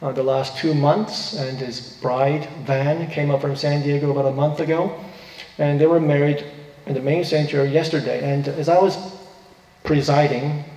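A man's voice: on the high side, steady tone, moderate pace, darkish tone. Preaching man in an echoey hall. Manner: earnest preaching with rising emphatic quotes. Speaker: pastor. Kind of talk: sermon. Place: church sanctuary. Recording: echoey hall, distant reverb.

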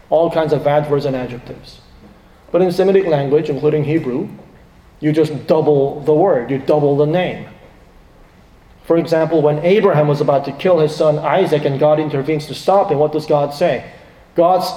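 A man's voice: on the high side, dark tone. A man preaching a sermon, turning dramatic and emphatic when he quotes laments. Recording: echoey, reverberant hall.

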